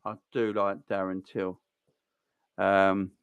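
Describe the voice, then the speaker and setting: Here a man with a deep, steady voice hosts a livestream reacting to a football match, drawing out his words and leaving long pauses. He chats bluntly and casually with viewers about their comments, repeating himself and filling gaps with fillers. The tone is clean and the recording dry.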